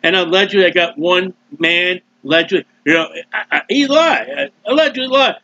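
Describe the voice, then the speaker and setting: A man preaching a sermon loudly and emphatically, with mocking asides and sudden swings in his voice. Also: sits high, animated, moderate pace, vocal fry, no room sound, muffled recording. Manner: mocking asides and short laughs. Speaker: street preacher.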